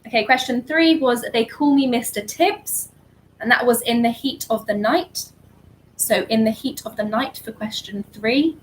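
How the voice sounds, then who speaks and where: A woman co-hosting an online charity quiz, reading answers briskly and lightly. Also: on the high side, a little hiss or hum, low-quality recording. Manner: brisk, light, laughs easily. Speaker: quiz co-host.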